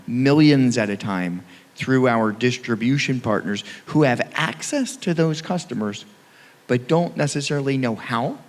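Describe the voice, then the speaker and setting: Conversational man on a panel stage. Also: mid-range voice. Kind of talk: conference panel discussion. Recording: reverberant conference hall.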